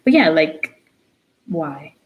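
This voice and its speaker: A woman's voice: low voice, big pitch swings, extremely slow, lo-fi sound, noisy background. A young woman artist chatting while she paints, ranting bluntly with lots of swearing and the odd Spanish phrase. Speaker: artist vlogger. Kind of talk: casual chat while painting.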